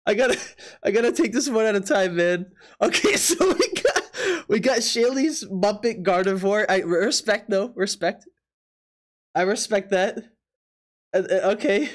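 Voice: mid-range voice, moderate pace. A live-stream host reacting to drawings, laughing often and disbelieving, tripping over repeated words. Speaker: Twitch streamer.

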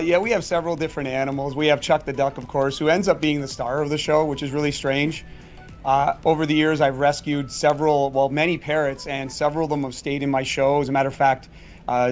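A middle-aged man with a mid-range voice, appearing as a guest magician, answers interview questions. He tells stories in a chatty way, full of fillers and restarts.

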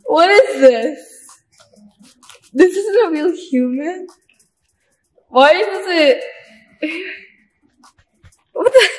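A woman vlogging in a casual, excitable way, thinking aloud and giggling often. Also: very high voice, takes it slowly, pauses often, rough recording. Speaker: family vlogger. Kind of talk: casual vlog chat.

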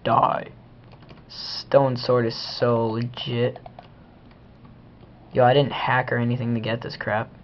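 A man's voice: medium pitch, little pitch movement, unhurried, long pauses, slight background noise. A teenage boy doing casual gameplay commentary, goofy and rambling, talking to himself as he plays. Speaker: gamer. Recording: dull lo-fi home recording.

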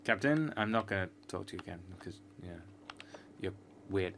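A man's voice: sits low, expressive, moderate pace, a bit bright, a little hiss or hum. Joking man playing a game. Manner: joking, chatty, sarcastic. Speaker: gamer. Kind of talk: let's-play commentary.

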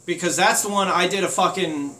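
A man hosting a let's play, talking loudly and excitably and swearing a lot as he plays. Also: high-pitched, a little fast. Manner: loud, excitable, heavy swearing. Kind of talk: gaming commentary. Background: game music.

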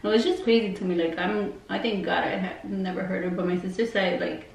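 Speaking briskly with fairly even intonation and a medium pitch, this woman vlogger rambles through a casual story full of fillers and profanity. She's a beauty vlogger, picked up by a distant mic in a roomy space with a little faint noise.

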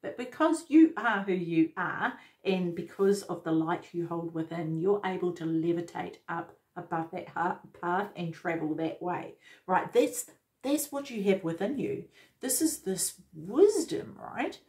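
A woman's voice: lowish voice, animated, measured pace, darkish tone. Enthusiastic woman giving a tarot reading. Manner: enthusiastic, effusive, addresses viewer directly. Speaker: tarot reader. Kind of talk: casual spoken tarot reading.

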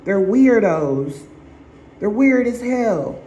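A woman's voice: mid-range voice, expressive, slow, warm tone, reverberant, muffled recording. A woman vlogger giving emphatic relationship advice in a blunt, repetitive way, swearing casually.

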